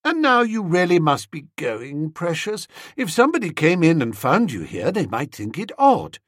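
A storybook reader voicing an imperious, scheming young woman who talks fast and bosses everyone around. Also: medium pitch, sing-song, no echo, studio quality. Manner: bossy, fast and breathless.

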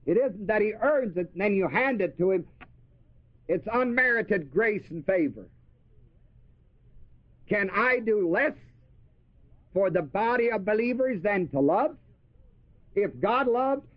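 A man's voice: high voice, no room sound. A man preaching a sermon, asking his listeners questions and repeating key words for emphasis. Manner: asks the audience questions and answers them. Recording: dry, dull lo-fi recording.

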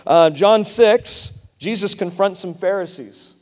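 A man preaching a sermon in a conversational way, breaking into loud emphatic bursts. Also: high voice, slow pace. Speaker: pastor. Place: church sanctuary. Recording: long hall reverb.

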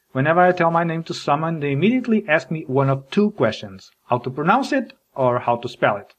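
A man from Portugal, a podcast host, performing a scripted comedic monologue with jokey storytelling. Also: a little high. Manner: animated, jokey storytelling with mock voices.

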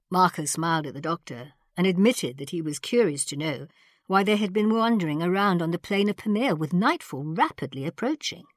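A woman narrates a story in even, unhurried scripted reading. Her voice is fairly low and recorded close with a dry sound. It is a storybook reading. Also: no echo. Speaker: audiobook narrator.

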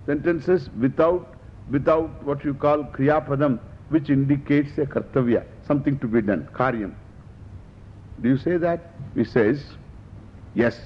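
Man with lecturing on scripture. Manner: explains Sanskrit terms in English, repeats key phrases. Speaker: Vedanta teacher. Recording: dull lo-fi lecture recording with faint rumble.

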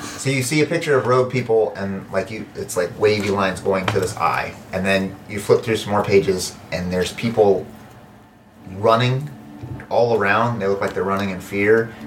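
A man narrating as game master in a tabletop game, pausing and restarting as he searches for words. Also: fairly low pitch, a little hiss or hum, rough recording.

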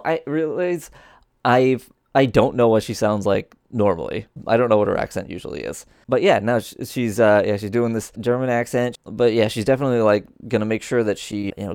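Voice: mid-range voice, fairly quick, no room sound, clean studio sound. A podcast co-host in casual chat about a TV episode, easygoing and hesitant with many fillers.

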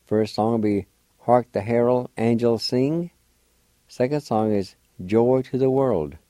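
A man hosting a radio language lesson, spelling and sounding out words syllable by syllable in a slow, deliberate way. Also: medium pitch, warm tone, dry recording. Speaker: language teacher and radio host.

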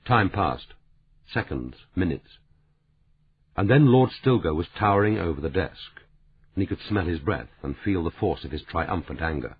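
A man narrating an audiobook in a measured, expressive reading. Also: deep voice, husky, muffled recording. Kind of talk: scripted narration.

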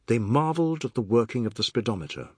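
A man reading a novel aloud as an audiobook narrator, in a measured, expressive way. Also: medium pitch, breathy edge, dry recording, clean studio sound.

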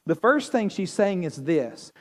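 A man preaching a sermon as pastor, animated and joking with the congregation. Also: high voice, measured pace. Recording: long hall reverb.

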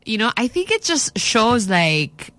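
A radio co-host, speaking slowly and thoughtfully and laughing easily in casual call-in chat. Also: mid-range voice, sing-song, bright, forceful tone, no room sound. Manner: slow, thoughtful, quick to laugh.

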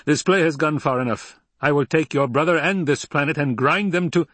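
A man with a husky voice, reading an audiobook and voicing a commanding, threatening male emperor. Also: on the high side, moderate pace, no echo, pitched above the performer's own voice. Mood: furious. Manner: commanding, menacing, rising to shouts.

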